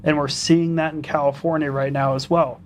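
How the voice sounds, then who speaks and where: A man guest with a fairly high but flat, even voice talks earnestly in a casual interview. He stammers and restarts his thoughts. Faint background noise runs underneath. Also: moderate pace. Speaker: political candidate guest.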